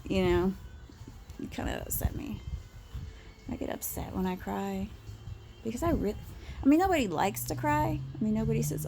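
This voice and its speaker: A woman talking straight to camera in a blunt personal rant, swearing freely, stopping to restart her sentences and laughing quietly now and then. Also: mid-range voice, huge pitch swings, brisk, creaky, background noise. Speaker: vlogger.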